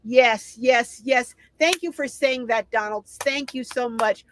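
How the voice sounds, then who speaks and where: A woman's voice: fairly high pitch, a little slow, fairly bright tone, slight background noise, poor audio. A middle-aged woman hosting a casual livestream, reading viewer comments aloud and answering them in a chatty way. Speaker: live stream host.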